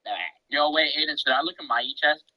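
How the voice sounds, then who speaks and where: A man's voice: on the high side, fairly even intonation, no room sound, highs cut off. A man on voice chat while gaming, teasing his friends and swearing freely. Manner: teasing, bossy, quick to swear. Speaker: gamer. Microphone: online voice chat mic.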